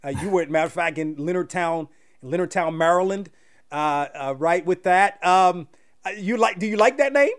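A man hosting a sports program, asking questions in a halting, stumbling way. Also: high voice. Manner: halting, stumbling over phrasing. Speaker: radio show host. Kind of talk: interview questions.

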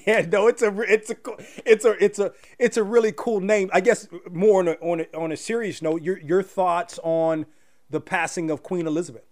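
A man with a notably high voice hosting a sports podcast. He asks his questions haltingly, repeating words and filling gaps with "uh" before he gets to the point. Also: steady tone, a little mellow. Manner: halting, filler-heavy questions. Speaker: podcast host. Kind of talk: interview hosting.

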